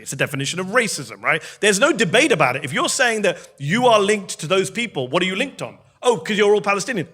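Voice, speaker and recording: A man's voice: on the high side, sharp tone. A British man hosting a live talk show on a studio stage, speaking in emphatic, argumentative declarations. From Britain. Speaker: host.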